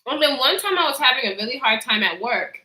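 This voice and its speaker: Animated young woman telling a story time. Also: high-pitched, fast, roomy sound. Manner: animated, acts out quotes, reads live chat, laughs often. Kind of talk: casual storytelling to camera.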